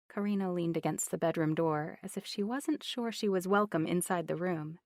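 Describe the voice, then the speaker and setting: This is scripted narration of a novel by a woman working as an audiobook narrator, her pace steady and measured. She speaks on the low side, captured dry with clean studio sound.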